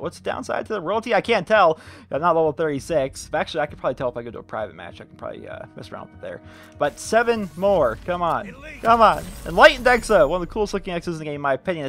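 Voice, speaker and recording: A young man, a gaming YouTuber with a high voice, provides gameplay commentary while opening loot drops. He sounds animated, exasperated and pleading.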